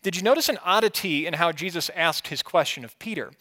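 Preaching verse by verse in a chatty style, this pastor quizzes his audience and alternates between forceful and soft delivery. His voice is high-pitched, with lively intonation and a quick pace.

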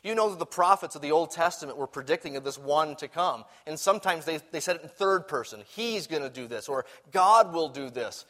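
A man preaching a sermon, animated, swinging from loud emphasis to quiet asides and sometimes repeating words as he restarts. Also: a little high, fairly quick, hardly any pauses.

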